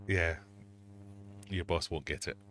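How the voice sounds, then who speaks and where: A middle-aged man with a low, slightly bright voice hosts a casual livestream from his home fish room. He tells rambling, self-mocking stories full of quoted asides, with slight background noise.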